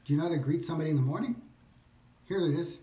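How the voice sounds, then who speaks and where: A man practicing phrases along with a language course, repeating them slowly, thinking aloud and correcting himself. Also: on the high side, mellow. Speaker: language learner. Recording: echoey room.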